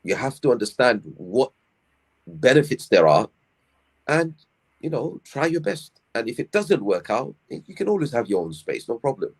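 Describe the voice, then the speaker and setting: A middle-aged man talks through family advice as a religious scholar on a live stream. He keeps posing rhetorical questions and answering them, and his pitch sits in an ordinary middle range. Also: very animated, normal speed, breathy edge. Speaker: Islamic scholar giving advice.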